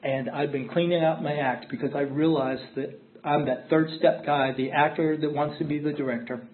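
A middle-aged man gives a candid recovery-meeting share, pressing his points by repeating them. His voice sits a little high for a man. The audio is thin and narrow, as if heard over a telephone line. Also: fairly even intonation, moderate pace. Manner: candid, emphatic storytelling with repeated phrases. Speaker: recovering alcoholic sharing his story. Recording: tinny phone-like audio.

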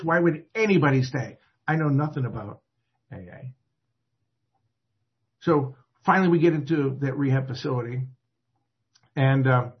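A man telling his own recovery story in a rambling, self-deprecating way, acting out what others said. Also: medium pitch. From Atlanta area. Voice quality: husky. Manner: self-deprecating, rambling, restarts and acted quotes. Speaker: recovery speaker. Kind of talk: personal recovery story told to a group. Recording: dull lo-fi recording.

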